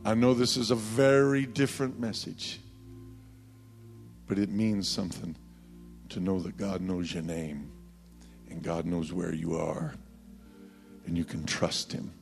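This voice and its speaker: Give me a pastor, preaching slowly and storytelling in a sermon. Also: male voice, low-pitched, steady tone, creaky, faint music behind. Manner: tells a story with quoted voices, then builds to loud shouted pleading.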